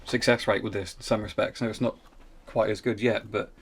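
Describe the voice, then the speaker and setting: A man's voice: fairly low pitch, flat delivery, fairly quick, a little hiss or hum. A British man, a paranormal investigator, thinking aloud and chatting casually during a ghost hunt.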